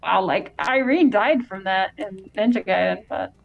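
A woman's voice: medium pitch, unhurried, creaky, phone-quality sound, faint music behind. A woman co-hosting a casual let's-play of retro games, chatty and easygoing, laughing often. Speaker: game co-host.

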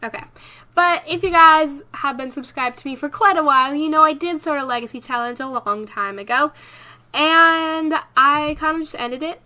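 A woman chats her way through a let's play, her bright, sharp-edged voice sitting high. She rambles casually, doubles back and corrects herself mid-thought. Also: moderate pace. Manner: chatty, rambling, self-correcting. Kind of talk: casual gameplay commentary.

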